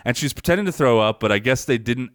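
A man co-hosting a podcast, casually recapping a movie scene and acting out the characters' lines in a higher voice. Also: lively intonation, fast, a bit bright, no echo, clean studio sound. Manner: rambling storyteller, acts out lines in a higher voice. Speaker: podcast co-host.

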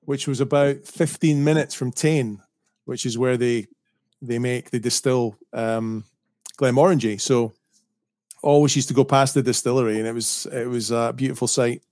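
A man's voice: mid-range voice, steady tone, normal speed, a little mellow, no room sound, clean studio sound. A Scottish man, a guest author, chatting casually and modestly on a podcast, laughing easily. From Scotland.

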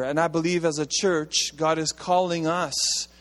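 A man preaching a sermon as pastor, conversational and animated, with asides to his congregation. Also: on the high side, moderate pace, hardly any pauses, big-room sound, faint music behind.

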